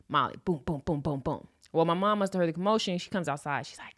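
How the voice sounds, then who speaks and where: A woman in her late twenties from Los Angeles, telling a personal story on a podcast in a slangy, animated way and acting out the scenes. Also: low voice, quick pace, few pauses. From Los Angeles, USA. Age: 20s. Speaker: podcast host. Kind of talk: casual storytelling.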